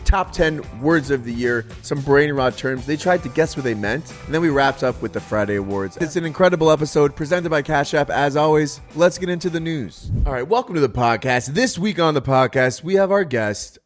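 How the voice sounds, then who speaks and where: A man hosting a casual comedy podcast, upbeat and quick, laughing often. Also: a little high, expressive, faint music behind. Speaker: podcast host.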